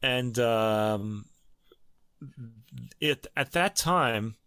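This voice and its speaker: A man co-hosting a music podcast, chatting casually and thinking aloud with many pauses and ums. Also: medium pitch, lively intonation, pushed and bright, clear, resonant tone, no echo, clean studio sound. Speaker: podcast co-host. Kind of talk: casual chat about recordings.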